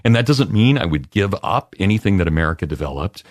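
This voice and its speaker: A man answering interview questions as a guest historian, in an expansive, lecturing way with lively emphasis. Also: deep voice, fast, no room sound, clean studio sound.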